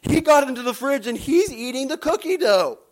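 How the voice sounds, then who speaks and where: A man voicing a little girl who tattles on her brother, in a high squealing whine. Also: expressive, normal speed, low-quality recording. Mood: tattling. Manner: high squealing whiny cry.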